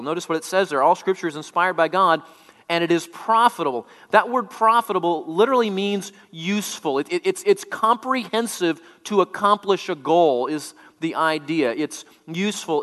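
A man's voice: a little high, a bit bright, in a large hall. A man preaching a sermon, explaining scripture word by word as a teacher, often repeating words as he restarts.

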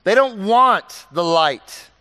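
A man preaching a sermon, swinging from loud urgent pleading to quiet earnest warnings. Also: high-pitched, animated, takes it slowly, long reverb tail.

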